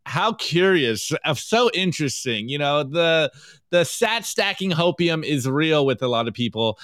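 Animated joking man, smooth dry close voice. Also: mid-range voice, normal speed, dry recording. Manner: animated, jokey, reads memes aloud with laughs. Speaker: co-host. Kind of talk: casual podcast chat, reviewing memes.

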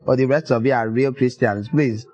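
A man preaching a sermon, telling stories in an animated way and acting out the people in them. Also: mid-range voice, moderate pace, lo-fi sound. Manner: animated storytelling, acts out voices with laughter.

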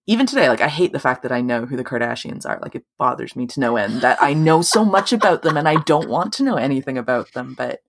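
A woman's voice: extremely low pitch, expressive, fast talker, gravelly, few pauses. Brief: female co-host, chatty, filler-heavy, easygoing swearing. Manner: rambling, many "like"s, swears casually. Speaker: podcast co-host. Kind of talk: casual chat.

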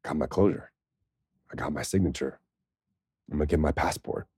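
A man's voice: very deep voice, normal speed, a little mellow, husky, dry recording, clean studio sound. A man, a former pro football player, telling a story in a rambling, profane way and laughing often. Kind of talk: casual storytelling.

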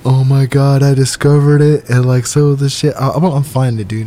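A man's voice: medium pitch, fairly even intonation, normal speed, hardly any pauses, warm tone, slight background noise. A young man, talking alone in a small home studio in a rambling, profane, self-mocking monologue that he keeps laughing at. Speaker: solo podcaster.

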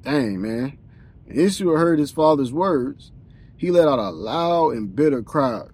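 A man's voice: a little high, animated, a little slow, a little mellow, breathy edge. A man hosting a podcast, reading scripture aloud in a plain voice, tripping over words now and then and breaking off with casual slangy comments.

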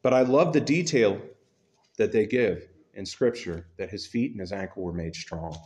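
A pastor preaches to his congregation in a relaxed, chatty manner, poking fun at himself along the way. His voice sits on the low side and moves at an ordinary pace.

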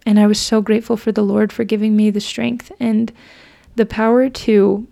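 A woman's voice: mid-range voice, flat delivery, normal speed, vocal fry, mellow. A young woman hosting a podcast, telling a personal faith story in an earnest, chatty way with frequent fillers and restarts. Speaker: podcast host.

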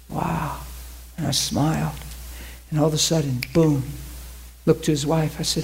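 Male preacher, fairly high voice, lively storyteller who acts out dialogue and sinks to an urgent hush, faint hum behind. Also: moderate pace, poor audio. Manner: animated, acts out dialogue, drops to an intense hush. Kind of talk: sermon storytelling.

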